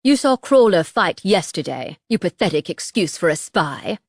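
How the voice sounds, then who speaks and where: A man's voice: high-pitched, very animated, normal speed, no echo, clean studio sound, full character voice. A woman voicing a harsh, bullying fairy man. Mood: contemptuous. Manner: harsh, contemptuous, hissing. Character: tall bullying male summer half-fairy.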